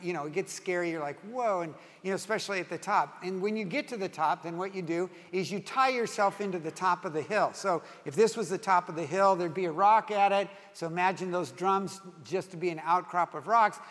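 A man's voice: high-pitched, fairly quick, hardly any pauses, fairly bright tone, long reverb tail. A man in his sixties preaching a sermon, telling a long personal story in a rambling, self-interrupting way and laughing at his own tale. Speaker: pastor.

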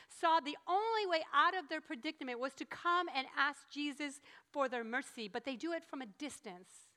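Female preacher, high and bright, emphatic and animated sermon delivery.

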